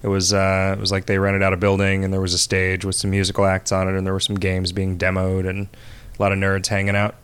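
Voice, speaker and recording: A man with a deep, low voice chats casually on a podcast. He rambles, trails off and laughs often at crude jokes. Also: completely flat delivery, fast, fairly bright tone, clear, resonant tone. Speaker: podcast co-host.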